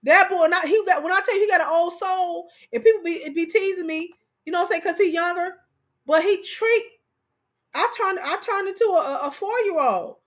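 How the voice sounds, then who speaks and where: High-voiced, animated woman talk host. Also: a little fast. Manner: animated storytelling, repeats phrases for emphasis; speaks straight to the audience. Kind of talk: casual chat.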